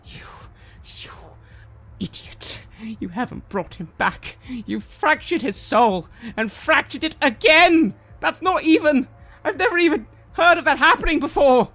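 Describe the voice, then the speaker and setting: Woman playing eve, a grieving mystic lady, yelling and scolding, voice swings a lot. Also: high voice, lively intonation, unhurried, pitched above the performer's own voice, full character voice. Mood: furious. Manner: shouting, anguished and scolding.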